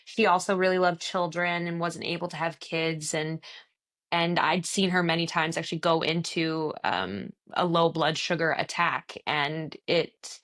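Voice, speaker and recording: A woman's voice: low voice, fairly even intonation, a little slow, a bit bright. A woman from the Midwest, chatting as an interview guest, laughing often and acting out quotes. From American Midwest. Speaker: stage actor, interview guest. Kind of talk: casual interview chat.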